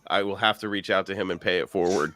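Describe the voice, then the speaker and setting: Man, livestream host, casual chat, joking, bright voice, low-ish pitch. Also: steady tone, fast talker. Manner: joking, laughs often.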